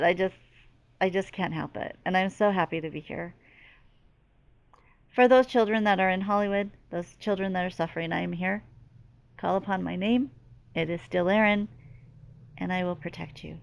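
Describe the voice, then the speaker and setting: A woman's voice: fairly low pitch, normal speed, creaky, pauses often, no echo. A middle-aged woman speaking as a medium in a channeling monologue, earnest and emphatic, with lots of repetition. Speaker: spiritual medium.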